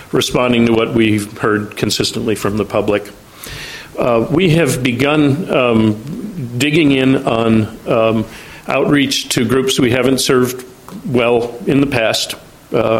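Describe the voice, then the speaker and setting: A man's voice: medium pitch, rough recording. A man presenting updates at a meeting, talking with frequent ums and restarts. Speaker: agency outreach staff presenting at a meeting. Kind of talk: meeting briefing.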